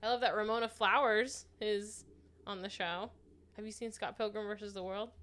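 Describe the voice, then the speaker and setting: A woman co-hosting a podcast in casual chat, blunt and chatty, quick to laugh. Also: medium pitch, steady tone, fairly bright tone, clean tone. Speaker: podcast co-host.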